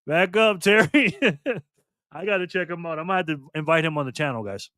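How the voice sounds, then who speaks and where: A man's voice: fairly high pitch, expressive, normal speed, pushed and bright, no echo, clean studio sound. A man hosting a casual live stream, chatting loosely with viewers and laughing easily. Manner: laid-back, chatty, laughs often, greets viewers.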